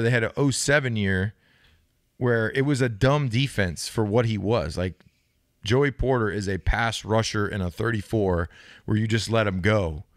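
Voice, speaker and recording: A man in his thirties spins loose, profane locker-room stories on a podcast, his voice low-pitched and slightly hoarse. The sound is close and dry, with no room echo. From United States. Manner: animated storyteller, loose and profane. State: slightly hoarse, says he can't speak well. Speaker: podcast co-host, former linebacker. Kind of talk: casual storytelling chat.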